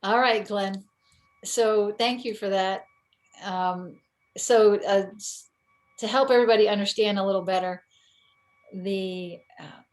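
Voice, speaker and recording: A woman from New England hosts a panel on teaching English. She talks with frequent hesitations and fillers as she moderates. Her voice sits at a middle pitch. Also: poor audio.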